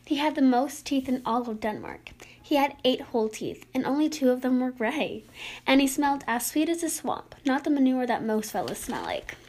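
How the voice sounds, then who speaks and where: A woman's voice: sits high, lively intonation, moderate pace, darkish tone. A woman playing a ditzy, vain queen mother in a comedic skit, sounding airy, dim-witted and cheerfully oblivious.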